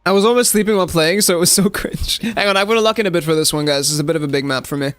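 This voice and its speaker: A man's voice: sits high, very fast, a bit bright, no echo, soft background music. A young man streaming a game, giving casual running commentary full of "like" fillers and chatting to his viewers. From South Africa. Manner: casual, chatty, lots of "like" fillers, addresses chat. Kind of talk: live gameplay commentary.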